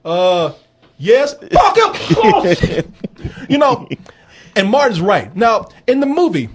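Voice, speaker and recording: A man hosting a movie review podcast, talking in an animated, joking, profane casual chat. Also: high-pitched, slow pace, breathy edge.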